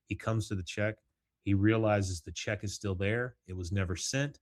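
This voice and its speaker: Guy with a lowish voice doing a solo podcast recap, keeps jumping into character voices. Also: fairly quick. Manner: animated, acts out characters' lines with laughs. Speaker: podcast host.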